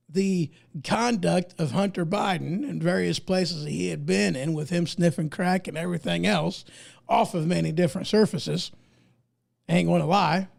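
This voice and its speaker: Indignant gravelly-voiced man, losing his voice. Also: high voice, fairly even intonation, a little slow, darkish tone. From United States. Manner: emphatic, indignant, folksy. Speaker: podcast host. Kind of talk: opinion commentary, reading articles aloud.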